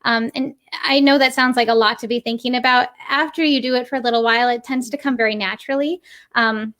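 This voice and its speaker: A fairly high-voiced woman talks through puppetry technique as an interview guest. She explains with energy, leans on "right?" to check in, and slips into quick demonstrations along the way. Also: steady tone, fairly bright tone.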